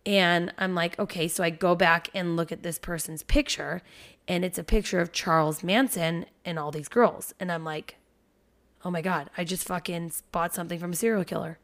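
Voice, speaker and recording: A woman, a parent in her thirties, telling a story on a podcast in an animated, swearing, casual way. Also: fairly low pitch, normal speed. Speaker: podcast host.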